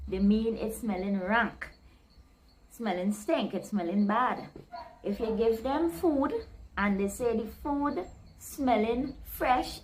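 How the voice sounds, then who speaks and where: Slow-talking Trinidadian woman explaining slang. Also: on the high side, a little hiss or hum, low-quality recording. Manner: explains by restating words with several synonyms. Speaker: vlogger explaining local slang. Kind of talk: casual explainer vlog.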